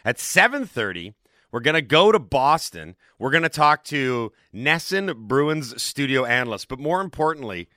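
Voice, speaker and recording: A man hosting a morning sports radio show in a studio, talking in a quick, joking and upbeat way. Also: mid-range voice, very animated, pushed and bright, dry recording. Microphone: studio broadcast microphone.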